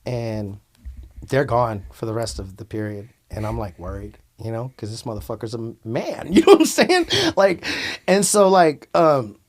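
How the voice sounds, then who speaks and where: A man telling a story in casual, animated, profanity-heavy slang as an interview guest. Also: medium pitch, moderate pace.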